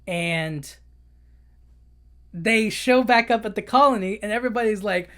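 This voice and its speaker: A man's voice: sits high, fairly bright tone. Guy on a podcast rambling through a movie plot, lots of restarts and "you know what i mean". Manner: rambling, loose retelling with many restarts and fillers; acts out characters' lines in quick bursts. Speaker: podcast host. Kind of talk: casual movie recap.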